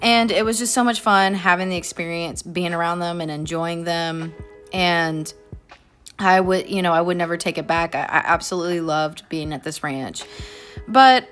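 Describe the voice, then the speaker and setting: A woman with a bright, forceful voice chats earnestly over her artwork, rambling and heartfelt. Faint music plays underneath. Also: fairly low pitch, moderate pace. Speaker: artist vlogger. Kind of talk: casual voice-over while drawing.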